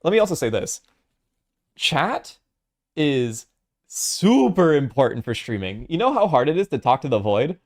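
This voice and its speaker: Young guy streaming from home, super lively voice that swings all over, swears a ton, laughs a lot. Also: on the high side, unhurried. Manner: animated, swears freely, laughs often. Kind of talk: casual live-stream reaction chat.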